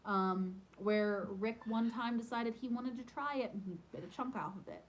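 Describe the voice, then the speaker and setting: A woman with a fairly high voice talks casually to her viewers. She rambles along with frequent ums. She grows animated and playful as she tells her stories. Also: normal speed, slight background noise, low-quality recording. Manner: animated and playful when telling pet stories. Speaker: homestead vlogger answering viewer questions. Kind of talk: casual chat.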